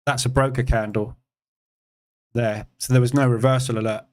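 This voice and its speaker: A man from England hosts a live trading session. He talks in a casual, conversational way, answering questions from the chat between readings of the charts. His voice sits at an ordinary, middle pitch. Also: fairly even intonation, moderate pace. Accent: English. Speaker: trading room host.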